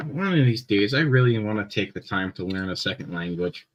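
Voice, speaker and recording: A young Canadian man with a Canadian accent chatting casually on a live stream, rambling with many fillers and pauses. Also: lowish voice, animated, rough recording.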